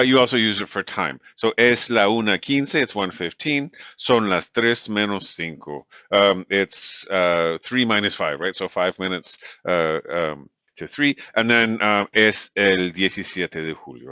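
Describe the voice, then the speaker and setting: A man giving a recorded lecture as a language instructor, relaxed and full of fillers, checking in with "right?" often. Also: on the low side, no room sound. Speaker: Spanish instructor. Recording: dull, lo-fi recording.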